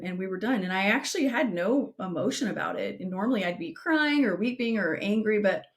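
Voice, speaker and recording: A middle-aged woman co-hosting a podcast, giving direct advice and telling a painful personal story in an earnest way. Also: medium pitch. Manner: earnest, direct, slows down for emphasis. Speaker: podcast co-host.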